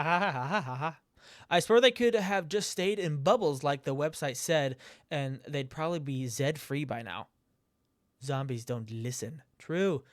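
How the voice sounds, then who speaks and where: Chatty gamer guy, slightly high voice. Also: dry recording, clean studio sound. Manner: chatty, reacts aloud with laughs and swearing. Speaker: let's play gamer. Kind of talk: gameplay commentary, reading chat messages aloud.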